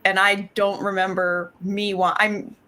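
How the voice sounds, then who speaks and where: A woman co-hosting a podcast chats casually about a film, rambling with many fillers and restarts and saying "like" and "um" a lot. Her mid-range voice has a sharp tone, and she speaks flatly and unhurriedly.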